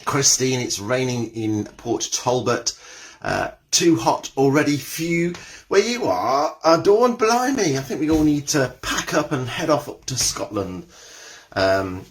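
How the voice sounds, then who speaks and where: A man's voice: medium pitch, expressive, unhurried. Chatty guy running a live workout stream from home, upbeat, keeps greeting people. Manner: chatty, cheery, reads out viewer comments. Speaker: exercise class host. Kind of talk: live-streamed exercise class chat.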